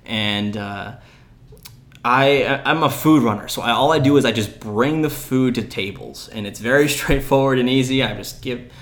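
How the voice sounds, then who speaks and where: A podcast host in his early twenties tells a story during casual chat, animated and laughing as he acts out what people said. His voice is medium-pitched and his pace is normal.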